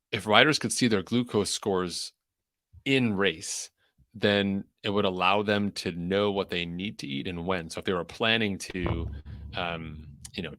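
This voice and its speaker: A man's voice: low-pitched, fairly bright tone, no room sound, studio quality. A young adult man hosting a podcast in a loose, rambling way, full of fillers and restarts. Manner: rambling, filler-heavy, self-interrupting. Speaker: podcast host. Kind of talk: casual chat.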